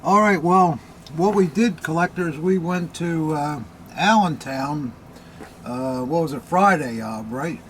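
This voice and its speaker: A man's voice: a little high, a little slow, fairly bright tone, a little hiss or hum, low-quality recording. A man hosting a collectors' show, chatting and telling stories in a friendly way. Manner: friendly, storytelling. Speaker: host. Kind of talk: casual chat.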